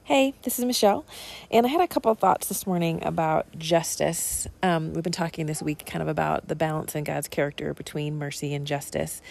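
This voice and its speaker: A woman's voice: lowish voice, vocal fry, darkish tone. A woman in her forties telling a personal faith story in a chatty way, with many fillers, restarts and laughs. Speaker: mother sharing a devotional story. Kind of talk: casual devotional storytelling.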